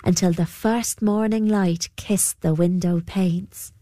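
A woman narrating an old folk tale in a measured storybook manner. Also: lowish voice, fairly even intonation, warm tone, soft background music.

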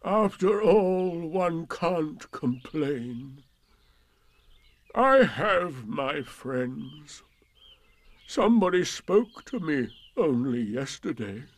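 Man doing a self-pitying old storybook donkey, very slow and mournful, sing-song swoops. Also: a little high, big pitch swings, no echo, voice pushed up, heavily acted. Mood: gloomy. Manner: slow, drawn-out mournful drawl. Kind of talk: storybook reading.

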